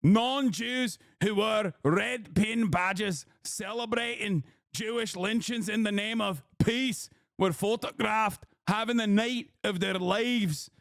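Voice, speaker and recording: A man putting on a Scottish woman's accent to mimic an indignant pundit, speaking slowly and solemnly. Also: mid-range voice, no echo, studio quality. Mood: mock-solemn.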